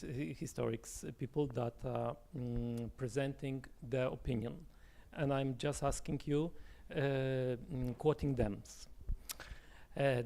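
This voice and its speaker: A man's voice: mid-range voice, vocal fry, dark tone. A man from Poland whose first language is Polish, asking a long question in English from the audience and stumbling as he searches for words.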